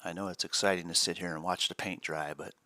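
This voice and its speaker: Lowish bright guy on a trading stream, laid back, laughs a lot, dry close mic. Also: quick pace, dry recording. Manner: relaxed, chuckles often, explains chart setups. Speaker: day trading stream co-host. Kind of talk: casual live-stream chat.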